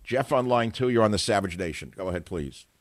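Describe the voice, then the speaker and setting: A man's voice: fairly low pitch, animated, fairly quick. An older man hosting a call-in radio talk show, opinionated, emphatic and self-assured, combative in his monologues.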